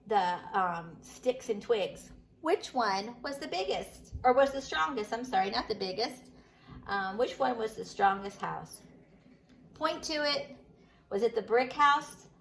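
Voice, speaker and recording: A woman teaching a preschool lesson at home, talking slowly and sing-song to small children. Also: on the high side, gravelly, echoey room, a little hiss or hum, poor audio. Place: home room.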